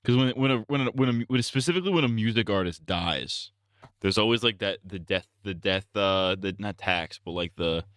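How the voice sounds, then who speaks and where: A man's voice: sits low, fairly bright tone, smooth, no echo, studio quality. A man streaming live, ranting casually in a profane, rambling, blunt way.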